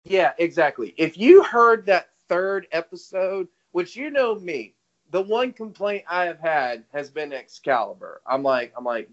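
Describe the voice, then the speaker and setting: A man's voice: fairly high pitch, expressive, normal speed. A man co-hosting a casual wrestling podcast, rambling, swearing and laughing as he retells what others said. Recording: dull lo-fi audio.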